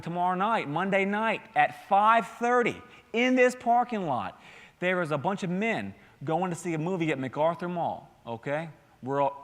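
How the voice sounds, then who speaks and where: A man, a campus pastor, preaching a sermon in an earnest, conversational way with many restarts. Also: on the high side. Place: church sanctuary. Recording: long hall reverb.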